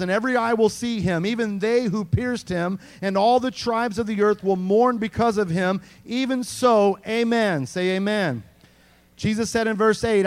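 Animated, high-voiced male pastor preaching. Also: normal speed. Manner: animated, repeats words, calls on the congregation. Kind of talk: sermon.

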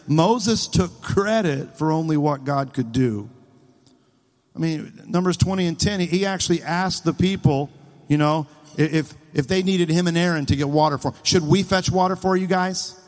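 A man preaching a sermon, retelling scripture in a playful, animated way and quizzing his listeners. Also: fairly high pitch. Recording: long hall reverb.

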